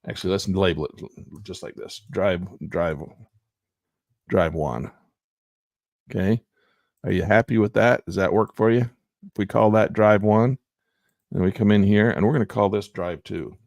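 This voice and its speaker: A man's voice: on the low side, moderate pace, vocal fry, long pauses, darkish tone, no echo, studio quality. A man giving casual, rambling commentary as he goes over stock trading charts, in a folksy way and often talking to himself. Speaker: stock options trader.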